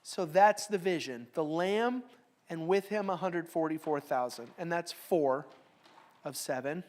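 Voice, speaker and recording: A woman's voice: lowish voice, measured pace, a little mellow. A middle-aged woman teaching a Bible study class. She reads verses aloud with strong emphasis, then explains them in a casual, joking way.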